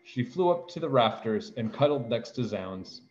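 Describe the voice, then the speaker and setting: A man reading a picture book aloud to children, gently explaining words as he goes. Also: medium pitch, lively intonation, moderate pace, lo-fi sound, slight background noise. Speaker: teacher reading a storybook aloud.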